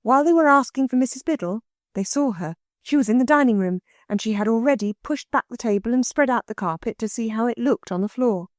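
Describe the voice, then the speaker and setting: A woman narrating an audiobook in an expressive storytelling manner. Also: a little high, a little fast, no echo, clean studio sound. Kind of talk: scripted narration.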